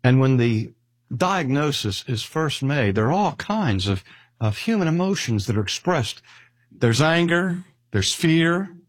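An older man giving an earnest sermon and slowing down to stress key phrases. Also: fairly high pitch, sing-song, no room sound. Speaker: preacher.

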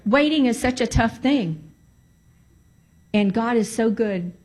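A woman with a somewhat high voice testifies before a church congregation. She talks emphatically and repeats her key phrases to drive them home. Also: animated, slow pace, a little mellow. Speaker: church speaker giving testimony.

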